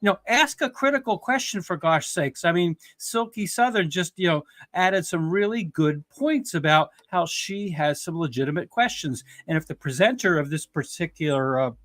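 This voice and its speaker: A man's voice: a little high, expressive, normal speed, few pauses, fairly bright tone, no room sound. A man who is an attorney, giving blunt, emphatic criticism in a casual podcast discussion. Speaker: guest commentator, attorney.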